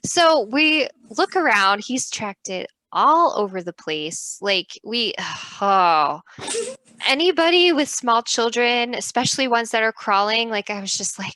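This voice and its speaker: Bright-voiced woman in her 30s, chatty podcast cohost, dry close mic, acts out the story. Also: on the high side, normal speed, dry recording. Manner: animated storyteller, acts out quotes with laughs. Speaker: podcast co-host. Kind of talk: casual faith podcast chat, storytelling.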